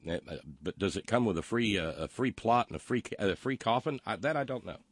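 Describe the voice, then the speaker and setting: A man with a fairly low, expressive, slightly rough voice hosts a political talk show, recorded dry with studio quality. He reads listener comments and mocks the news sarcastically, halting often with ums and uhs.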